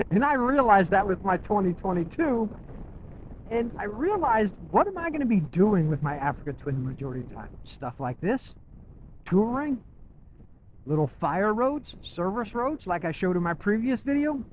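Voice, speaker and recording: A man's voice: high-pitched, a little hiss or hum, rough recording. A man talking casually to camera as a motorcycle vlogger, chatty and enthusiastic, often checking in with "right?".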